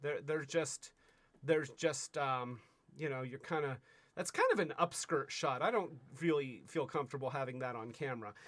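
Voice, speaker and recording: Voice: medium pitch, moderate pace, a bit bright, no echo. A livestream host casually reviewing toys, rambling with stammering restarts and playful asides. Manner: bursts into silly sing-song jingles.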